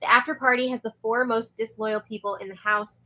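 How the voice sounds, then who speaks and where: Bright, giggly young woman host. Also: on the high side, fairly even intonation, fairly quick. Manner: chatty, giggly, filler-heavy. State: sore throat. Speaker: show host. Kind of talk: livestream chat reading viewer comments.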